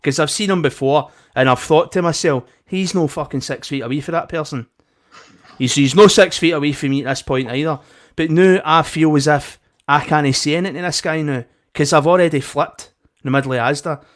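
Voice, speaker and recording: A man's voice: fairly high pitch, a little fast. A young Scottish man telling a heated story in casual chat, swearing and acting out both sides of an argument. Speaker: podcast co-host.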